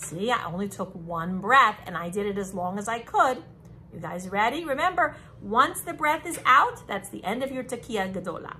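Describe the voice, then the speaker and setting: A young woman teaching young children, talking slowly and in a sing-song way, as if to a class of small kids. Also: medium pitch, slight background noise. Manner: animated, sing-song, slow and drawn out for kids. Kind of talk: children's lesson.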